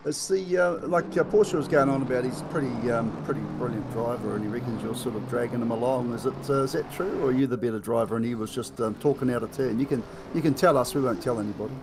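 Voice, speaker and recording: A man's voice: mid-range voice, fast, creaky, few pauses, background noise. A man with a New Zealand accent commentating a live sim race, chatty and joking, with lots of fillers and restarts.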